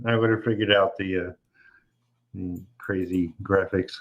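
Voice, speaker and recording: A man's voice: sits low, steady tone, measured pace. A man, a comic artist hosting his channel, chats casually while he works, telling stories at an easy pace with plenty of fillers and laughs. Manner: laid-back storytelling with frequent laughs and fillers. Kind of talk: casual chat while working. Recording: muffled lo-fi call audio.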